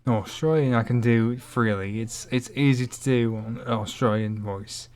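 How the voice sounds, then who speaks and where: A man's voice: medium pitch, normal speed, a little mellow. A young man chatting casually, rambling and hesitant with many fillers. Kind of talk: casual vlog chat.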